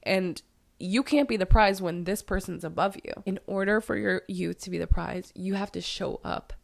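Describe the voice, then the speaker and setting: Young woman podcaster, raspy gravelly voice, kinda hoarse, earnest advice vibe. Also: medium pitch, moderate pace. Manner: earnest advice-giving, repeats phrases for emphasis. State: hoarse, voice tired. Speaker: podcast host. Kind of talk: solo podcast talk.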